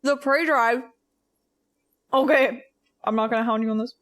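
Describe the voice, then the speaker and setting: A woman's voice: a little high, fairly even intonation, normal speed, fairly bright tone. A young woman streaming a video game, playful, reading dialogue aloud and laughing often. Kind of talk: casual game playthrough commentary.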